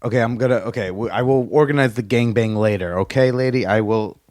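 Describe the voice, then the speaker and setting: A man's voice: mid-range voice, fast talker, darkish tone, no echo, clean studio sound. A man hosting a podcast, telling stories in a frank, profane, rambling way. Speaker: podcast host. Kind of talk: candid solo storytelling.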